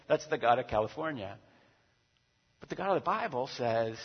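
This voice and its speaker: A man pastor preaching a sermon, animated and acting out quoted voices with big swings in loudness. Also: medium pitch, moderate pace, vocal fry, pauses often, husky. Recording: dull recording with long hall reverb.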